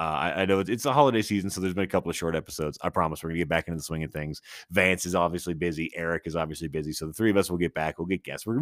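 A man's voice: low voice, no room sound, clean studio sound. A man hosting a podcast on his own, telling a story casually and rambling with many restarts, swearing and sounding incredulous. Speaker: podcast host.

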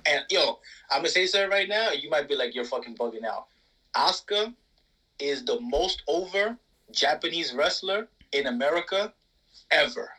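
A man co-hosting a casual wrestling chat, talking in an animated, profane, emphatic way. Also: on the high side, normal speed, rough recording. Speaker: podcast co-host.

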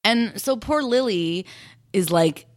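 A woman's voice: medium pitch, expressive, slow pace, no echo, studio quality. A young woman co-hosting a podcast, chatting casually, laughing often and acting out characters' lines as she retells the plot. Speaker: podcast co-host recapping a TV show. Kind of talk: casual chat.

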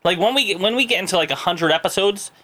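A young male podcast host whose voice sits a bit high and bright. He banters loosely, laughing and swearing through the casual chat. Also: fast talker.

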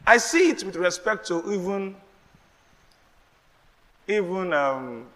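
A man with a Nigerian accent, preaching a sermon as pastor, animated, slipping into pidgin asides and laughing. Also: high voice, slow pace, in a large hall. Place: church.

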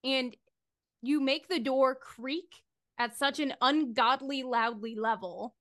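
A woman running a tabletop horror game as game master, narrating with animated, giggly energy. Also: high voice, slow pace.

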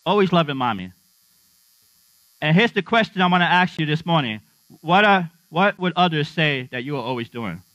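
Bright-voiced male pastor, joking sermon. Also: fairly high pitch, expressive, normal speed, no room sound. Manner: humorous, conversational, asks the congregation questions. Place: church. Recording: dull, slightly lo-fi dry sound with mains hum.

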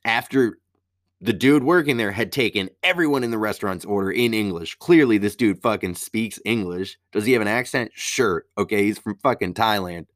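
A man's voice: fairly low pitch, normal speed, no room sound, studio quality. A young man, a stand-up comic, telling a profane story in casual chat. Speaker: stand-up comedian.

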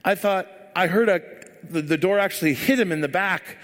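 A man's voice: high voice, normal speed, fairly bright tone. A man giving a sermon as a church speaker, telling stories in a rambling, joking way full of fillers. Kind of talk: sermon with casual storytelling. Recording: long hall reverb.

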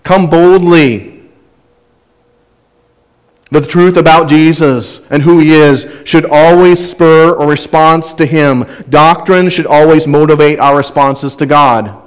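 A man's voice: on the high side, takes it slowly, clean tone, long reverb tail. A man preaching a sermon as a pastor, earnest and conversational, often repeating phrases for emphasis.

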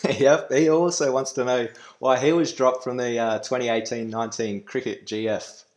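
A man's voice: mid-range voice, steady tone, moderate pace, a little mellow. A young Australian man co-hosting a casual podcast, telling stories and laughing often as he goes. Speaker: podcast co-host. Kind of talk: casual chat, storytelling.

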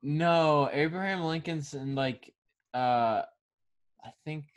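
A man co-hosting a casual movie podcast, relaxed, giving short replies and asking questions. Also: a little high, slow pace. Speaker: podcast co-host.

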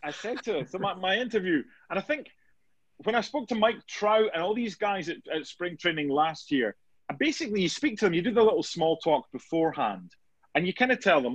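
A man's voice: high-pitched, animated, brisk, breathy edge, no room sound. A man, a sports reporter guest telling anecdotes in a casual interview, with many restarts. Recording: dull dry lo-fi sound.

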